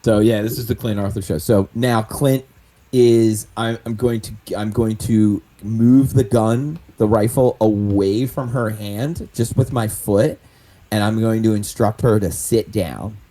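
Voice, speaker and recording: A man's voice: fairly low pitch, fairly even intonation, a little slow, warm tone. A man playing his character in a tabletop role-playing game, talking animatedly, laughing and swearing. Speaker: player.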